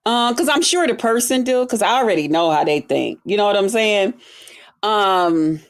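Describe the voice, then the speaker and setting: A woman chatting casually on a livestream, reading viewer comments and answering them in an animated, sassy way, jumping between high exclamations and low muttered asides. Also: moderate pace.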